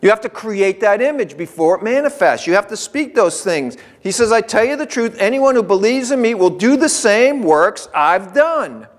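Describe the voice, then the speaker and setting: High-voiced preaching man, conversational. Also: lively intonation, normal speed, hardly any pauses. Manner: conversational preaching with emphatic repetition. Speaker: pastor. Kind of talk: sermon. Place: church sanctuary.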